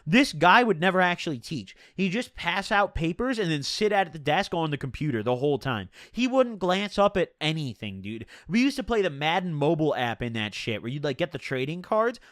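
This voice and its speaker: Lively-pitched young man telling a story. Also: no echo, studio quality. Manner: slangy, profane, chatty. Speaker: vlogger telling a personal story. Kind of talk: casual storytelling.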